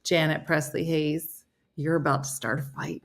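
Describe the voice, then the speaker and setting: A woman's voice: deep voice, little pitch movement, moderate pace, creaky. A middle-aged woman hosting a casual live stream, reading viewer comments aloud with playful, laughing asides.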